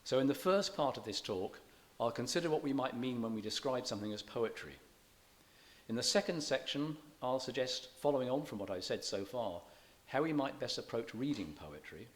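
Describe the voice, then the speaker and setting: A man giving a public lecture on reading poetry. He explains in a measured way, with dry self-deprecating humour. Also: mid-range voice, lively intonation. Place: church event.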